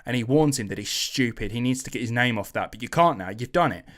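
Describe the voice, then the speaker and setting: A man hosting a podcast tells a history story in a loose, chatty way. He swears freely and slips into slangy voices when he quotes people. His voice sits at an ordinary middle pitch. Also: lively intonation, quick pace, a bit bright. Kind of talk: casual storytelling chat.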